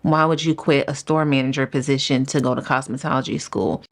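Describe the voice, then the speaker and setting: A woman, a salon owner, giving an earnest personal faith testimony in an interview, telling her story in an animated way. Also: extremely low pitch, a little fast, vocal fry.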